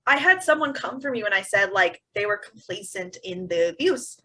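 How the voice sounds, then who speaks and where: A young woman co-hosting a podcast in casual chat, animated and sarcastic. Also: medium pitch, poor audio. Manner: animated, sarcastic, quick bursts. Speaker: podcast co-host.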